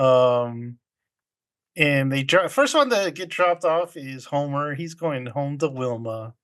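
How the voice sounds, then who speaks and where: A man's voice: on the high side, lively intonation, moderate pace, fairly bright tone. A man casually recapping an old film with friends, rambling, often laughing and acting out quotes. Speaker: podcast co-host recapping a film. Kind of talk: casual chat.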